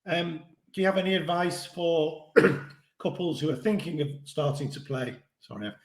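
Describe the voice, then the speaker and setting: A man's voice: on the high side, moderate pace. A man co-hosting a podcast who asks short, easygoing questions. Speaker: podcast co-host. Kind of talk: casual podcast conversation. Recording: roomy echo.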